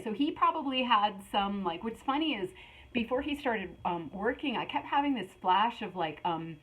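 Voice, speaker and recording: A woman's voice: mid-range voice, expressive, normal speed, fairly bright tone, husky, rough recording. A middle-aged woman giving a casual spiritual tarot reading, rambling with many fillers and restarts. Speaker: tarot reader.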